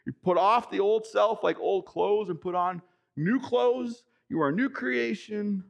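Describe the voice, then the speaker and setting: Male pastor, high gravelly voice, emphatic and excitable sermon delivery. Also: measured pace. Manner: excitable, emphatic preaching with sudden bursts; reads scripture passages aloud.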